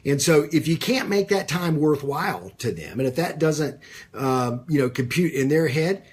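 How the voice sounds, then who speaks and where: A man giving a live-streamed business coaching talk, conversational, with many fillers and repeated phrases, pausing to greet viewers by name. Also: on the high side, expressive, slightly rough.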